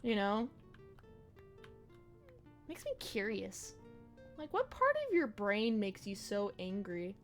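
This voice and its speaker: A woman's voice: mid-range voice, wildly swooping pitch, slow pace, long pauses, faint music behind. A young woman streaming a game, chatting casually in a rambling, reflective way with slang and swearing. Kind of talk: casual chat while gaming on stream.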